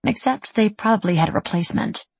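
A woman narrating an audiobook in a steady, even storytelling manner. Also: medium pitch, quick pace, vocal fry, breathy edge, no room sound. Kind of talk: scripted narration.

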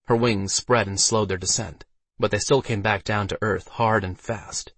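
Husky, low-voiced male audiobook narrator. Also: moderate pace, dry recording. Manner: steady storytelling delivery.

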